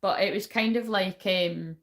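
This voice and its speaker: A woman's voice: medium pitch, measured pace. A young woman giving a casual spiritual reading, rambling and swearing often. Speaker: spiritual reader and shaman.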